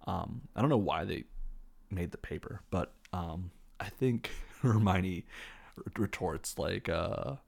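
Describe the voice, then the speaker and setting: A man's voice: low-pitched, slow, creaky. A man hosting a podcast, casually retelling a film from memory in a rambling way, full of fillers and self-corrections. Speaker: podcast host.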